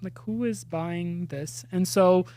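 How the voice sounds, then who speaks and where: Animated, self-mocking man telling stories. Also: high-pitched, slow, a little hiss or hum. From India. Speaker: actor and podcast guest. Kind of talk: casual storytelling chat.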